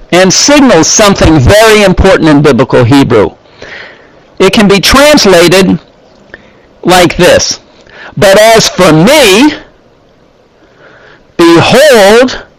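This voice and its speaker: A man with a high voice explains scripture at a slow, deliberate pace. He pauses often, reading short Hebrew phrases and then unpacking them. The sound is close and dry. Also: dry recording, rough recording. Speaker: Bible teacher. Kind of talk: unhurried scripture teaching.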